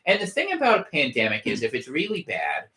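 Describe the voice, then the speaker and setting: Animated man riffing with gallows humor. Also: mid-range voice, fairly quick. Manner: rambling, wry gallows humor, many restarts. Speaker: podcast host. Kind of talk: casual livestream commentary. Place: home room.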